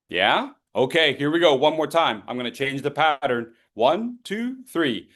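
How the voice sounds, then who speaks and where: A man coaching public speaking over a video call, his voice a little higher than most and swinging widely in pitch. He talks at an unhurried pace and playfully teases the people he calls on. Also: very animated, a bit bright. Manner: playful, teasing, calls on participants. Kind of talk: interactive online voice workshop.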